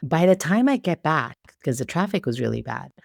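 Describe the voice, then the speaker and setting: Podcast guest: woman from the Philippines, low voice, dry close sound, animated storyteller. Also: brisk, gravelly, dry recording. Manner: lively storyteller who acts out quoted voices. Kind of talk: casual storytelling chat.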